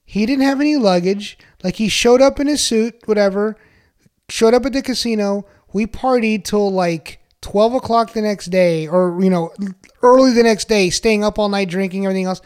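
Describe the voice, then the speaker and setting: A man's voice: sits high, moderate pace, darkish tone, clean tone. A man telling a story in casual podcast chat, rambling with lots of fillers and swearing.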